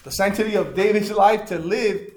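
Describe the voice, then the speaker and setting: A man's voice: high-pitched, moderate pace. A man teaching an interactive Bible lesson, asking the class questions and repeating their answers.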